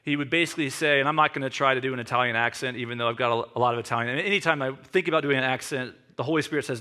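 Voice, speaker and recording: A man's voice: mid-range voice, rapid-fire, pushed and bright. A man in his forties preaching a sermon, reading scripture and telling self-deprecating stories in a conversational way. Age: 40s. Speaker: pastor.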